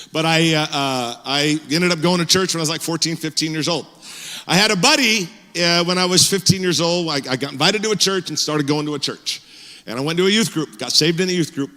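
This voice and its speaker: Bright-voiced male pastor in echoey church. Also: fairly high pitch. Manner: animated, conversational, frequent fillers and restarts. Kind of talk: sermon with personal storytelling. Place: church sanctuary.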